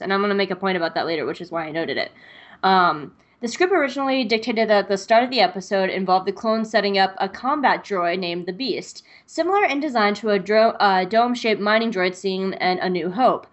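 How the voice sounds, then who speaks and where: A woman's voice: mid-range voice, a bit bright. A woman co-hosting a fan podcast, chatting casually and reading an episode recap. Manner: chatty, laughs easily, reads recaps aloud. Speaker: podcast co-host.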